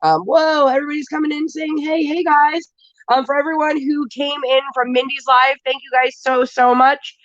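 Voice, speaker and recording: A woman's voice: high voice, brisk, hardly any pauses, a bit bright, no room sound, muffled recording. A woman with a cold, sniffly, hosting a casual live stream from home and chatting and greeting viewers one by one.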